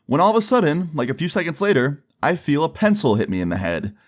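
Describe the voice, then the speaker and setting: A young man casually telling a story, with a relaxed, loose delivery full of fillers and some swearing. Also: fairly high pitch, fast talker. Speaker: storyteller vlogger.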